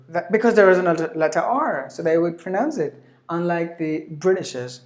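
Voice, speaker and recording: A woman teaches English pronunciation in a fairly low voice. She stretches each example word and says it again and again, with small filler sounds between her explanations. The room around her is echoey. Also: expressive, darkish tone. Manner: repeats each word slowly several times, with filler sounds. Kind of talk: pronunciation lesson.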